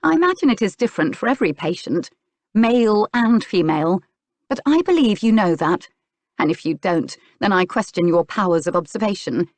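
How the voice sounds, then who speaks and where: A woman's voice: medium pitch, expressive, fairly quick, a little mellow, dry recording, close to an everyday voice. A woman voicing a bold, outspoken young village healer in an audiobook, spirited and pointed. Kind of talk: audiobook character dialogue.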